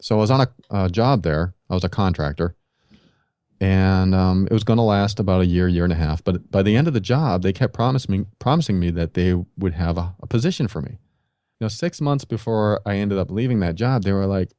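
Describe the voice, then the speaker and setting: A man with a low, mellow voice recounts his story as a podcast guest, slipping into his own past reactions as he goes. It is a dry, close recording. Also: brisk, no room sound. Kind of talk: storytelling in a casual interview.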